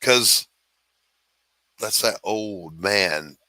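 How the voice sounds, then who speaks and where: A man's voice: lowish voice, extremely slow, pushed and bright, no echo. A middle-aged man hosting a casual live stream, telling laid-back stories and laughing often. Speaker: host.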